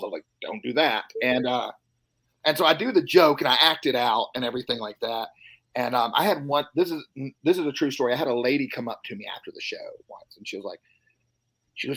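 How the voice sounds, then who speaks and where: A man's voice: medium pitch, fast, a bit bright, no echo. A man, a comedian, chatting casually on a live stream and telling self-mocking stories. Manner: playful, self-mocking storytelling. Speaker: stand-up comedian guest. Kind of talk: casual chat with joke telling. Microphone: live stream call.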